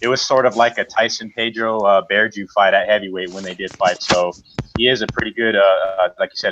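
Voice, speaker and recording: Co-host, male, lowish voice, halting picks over muffled lo-fi audio. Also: fairly bright tone, a little hiss or hum. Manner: halting, many fillers. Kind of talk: casual fight analysis.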